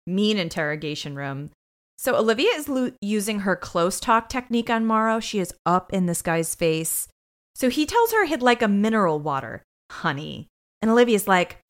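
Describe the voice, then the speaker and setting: A woman co-hosts a podcast and recaps a TV episode in casual chat. Her pitch swings widely as she tells it, mid-height and full of jokes and quoted asides. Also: moderate pace. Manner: lively, jokey retelling with quoted asides. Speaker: podcast co-host.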